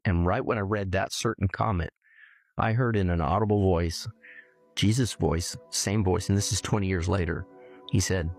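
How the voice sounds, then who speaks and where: Deep-voiced man telling a personal story. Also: darkish tone, no echo. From California. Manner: earnest, halting, repeats words as he recalls. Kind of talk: personal testimony.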